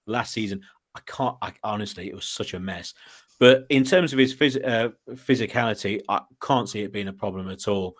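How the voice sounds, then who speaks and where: Chatty, lower-voiced man rambling on a podcast. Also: moderate pace. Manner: chatty, rambling, laughs at his own asides. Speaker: podcast guest, broadcaster. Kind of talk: casual podcast chat.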